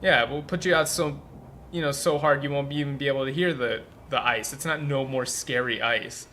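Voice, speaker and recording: A man's voice: medium pitch, steady tone, fairly quick, sharp tone, a little hiss or hum. A man commenting on a game's translation in a rambling, incredulous way, full of fillers. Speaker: gameplay commentator. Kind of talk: game localization commentary.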